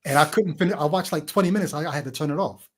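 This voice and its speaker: A man's voice: on the high side, very fast, slight background noise. A man hosting a podcast, talking casually about a film and thinking aloud about what it means. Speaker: podcast host.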